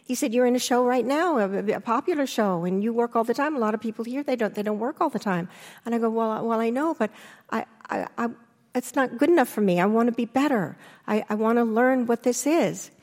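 An older woman, an interview guest, telling her story candidly and acting out remembered lines with lively restarts. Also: a little fast, long reverb tail. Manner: animated, restarts, acts out quotes with rising pitch.

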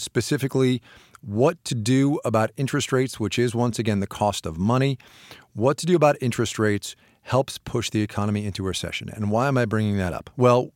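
A man's voice: medium pitch, no room sound, clean studio sound. A man co-hosting a podcast, explaining an idea in a casual, laughing way and often restarting his sentences. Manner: lively, laughing, self-interrupting explainer. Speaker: podcast co-host.

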